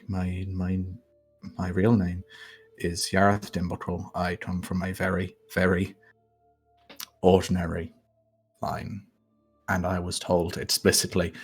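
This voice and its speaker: A man's voice: deep voice, slightly rough, full character voice. A man doing an Irish-twanged con man confessing. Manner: confessional, halting, slow. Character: male con-man noble dropping his posh act.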